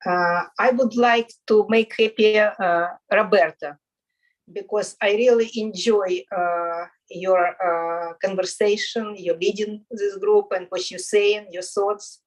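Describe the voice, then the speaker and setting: A woman speaks politely in an online group, pausing often on fillers. Her voice is mid-pitched. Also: steady tone, poor audio. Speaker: discussion group participant. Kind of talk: casual group chat.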